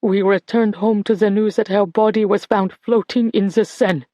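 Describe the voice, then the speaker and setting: A fierce old woman confronts the past with biting, accusing words, as a woman reads her. Her voice is sharp and unforgiving. It is recorded close and dry. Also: mid-range voice, fairly even intonation, normal speed, dry recording, close to an everyday voice. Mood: furious.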